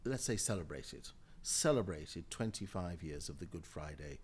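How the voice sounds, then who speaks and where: A low, husky male voice moves at a moderate pace. The speaker is an older man from Jamaica and the UK and a member of the House of Lords, who, as a podcast guest, is an emphatic, lively storyteller prone to laughter.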